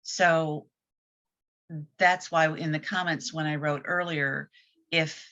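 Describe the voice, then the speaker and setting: This group discussion participant talks slowly in a low, steady voice with a sharp edge. She's candid and reflective, using plain language, over dull lo-fi audio.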